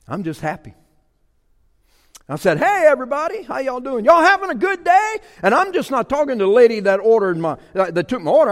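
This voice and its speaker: A middle-aged man with a drawl preaches in a folksy storytelling way, his voice leaping up and sinking low across the sermon. The sound carries a long reverb, as from a large sanctuary. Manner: folksy, animated storytelling with sudden loud bursts. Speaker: pastor.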